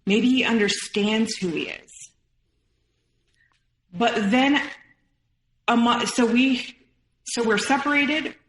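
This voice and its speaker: A woman in her thirties, appearing as a podcast guest, shares a personal story with real emotion, rapidly quoting and acting out what other people said. Her voice is slightly high with a fairly bright tone. The recording is rough and the room echoes.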